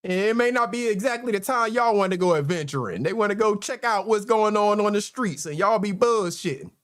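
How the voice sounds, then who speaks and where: A man's voice: sits high, lively intonation, a little fast, fairly bright tone. Laid-back man hosting a live chat. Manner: laid-back, laughs often, says "man". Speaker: livestream host. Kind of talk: casual chat.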